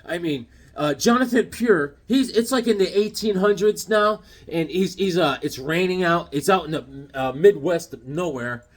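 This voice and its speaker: On his comic book channel, a man with a high-pitched voice chats casually in vlog style, talking at normal speed with hardly any pauses. He rambles through stories and animates them by doing voices.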